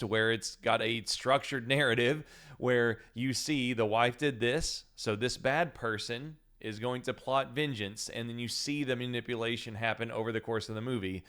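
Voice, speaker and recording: Smooth-voiced man ranting casually. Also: medium pitch, fairly bright tone. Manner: chatty, many fillers and restarts, blunt and profane. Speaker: film reviewer. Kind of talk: casual movie review rant.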